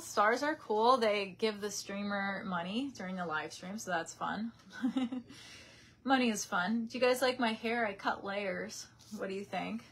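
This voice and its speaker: A woman's voice: mid-range voice, bright, forceful tone. A young woman chatting casually on a live stream from her parents' house, reading out viewer comments on a webcam mic.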